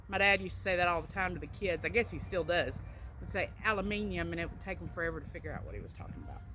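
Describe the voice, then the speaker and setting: Chatty Southern woman with bright voice. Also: on the low side, slight background noise. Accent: Southern US, Alabama. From Alabama, US. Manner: chatty, explains words with anecdotes. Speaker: co-host, travel agent. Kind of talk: casual accent-tag chat.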